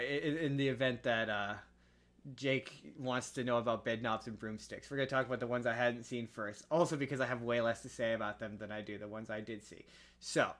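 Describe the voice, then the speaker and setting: A man co-hosting a podcast, chatting casually and introducing the next topic with quick asides. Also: mid-range voice, fairly bright tone. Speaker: podcast co-host. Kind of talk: casual chat.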